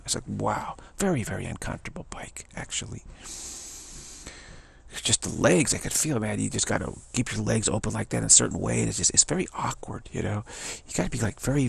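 A man from California casually telling a rambling personal story, full of repeats and fillers, acting out others' lines in a higher voice. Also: vocal fry, breathy edge. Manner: digressive, repeats words, many "you know" and "like"; acts out other people's quoted voices in a higher pitch.

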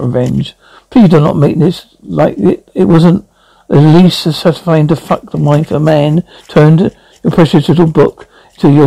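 A man voicing a bitter, sharp-tongued young woman who speaks in a cutting, scornful way, in an amateur radio-drama reading. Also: fairly high pitch, gravelly, poor audio.

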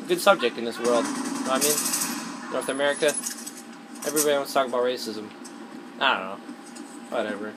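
A man giving rambling, self-conscious gameplay commentary, swearing often as he plays. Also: mid-range voice. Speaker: let's play gamer. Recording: noisy with game audio. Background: loud gunfire and game sounds.

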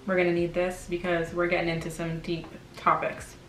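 A woman's voice: fairly low pitch, completely flat delivery, a little fast, music in the background. A woman in her twenties from Canada, a vlogger chatting candidly while she eats. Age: 20s. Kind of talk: casual chat. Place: home room, dining at table. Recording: echoey room with faint kitchen clatter.

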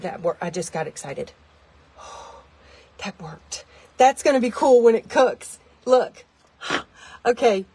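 A woman vlogging a chatty product demo from inside a tiny car, rambling, self-deprecating and easily excited. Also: medium pitch, slightly rough.

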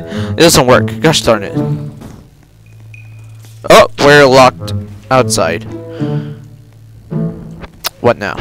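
A young man giving casual gameplay commentary, excitable, yelping and repeating himself. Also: mid-range voice, drawn-out words, long pauses, faint music behind. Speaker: gameplay video host.

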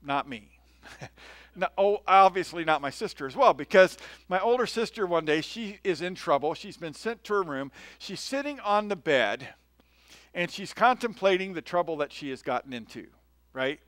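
A male pastor preaching a sermon in a relaxed, conversational way, telling stories and often checking in with his listeners. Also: high voice, moderate pace, no echo. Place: church.

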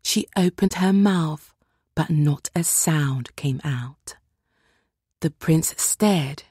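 A woman reads a children's storybook aloud with measured, expressive narration. Her voice is low and breathy, and the recording is close and completely dry. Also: no echo. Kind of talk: scripted read-along narration.

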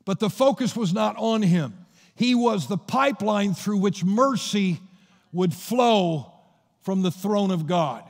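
A man's voice: high-pitched, expressive, slow, vocal fry, a little mellow. A man preaching a sermon as pastor, retelling Bible scenes in a storytelling way, recorded in a church sanctuary with a long reverb.

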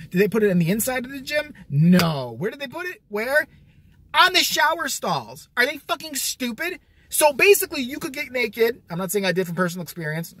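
A man's voice: high-pitched, a bit bright, a little hiss or hum. A man telling a profane, sarcastic comic rant with an exasperated edge. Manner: sarcastic, swears a lot, exasperated. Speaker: vlogger.

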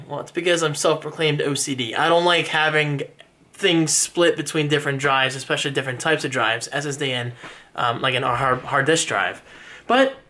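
A man's voice: fairly high pitch, bright, forceful tone. A young man vlogging casually, rambling and joking at his own expense as he talks straight to his viewers. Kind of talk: casual vlog chat.

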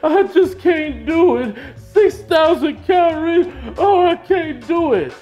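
A man mimicking a whiny, complaining young man in a drawn-out, mocking whine. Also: very high-pitched, animated, darkish tone, highs cut off, faint music behind, pitched above the performer's own voice, full character voice. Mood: whining.

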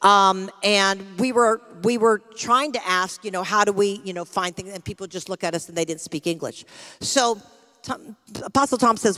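A middle-aged American woman pastor preaching, telling a personal story with lively acted-out quotes. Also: medium pitch, normal speed. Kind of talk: sermon with storytelling. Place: church sanctuary. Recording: long hall reverb from a church.

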